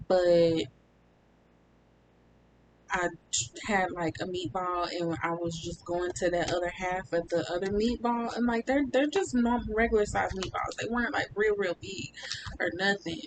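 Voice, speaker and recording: A woman vlogger chatting casually to her viewers about her recovery, with lots of um's and y'all's. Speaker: vlogger documenting her weight-loss surgery recovery. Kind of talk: casual chat to camera. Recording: steady rumbling background noise.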